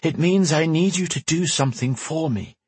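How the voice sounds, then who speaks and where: A man voicing a mystic woman who speaks into another's mind, pleading and hurried. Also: on the high side, darkish tone, breathy edge, dry recording, pitched above the performer's own voice.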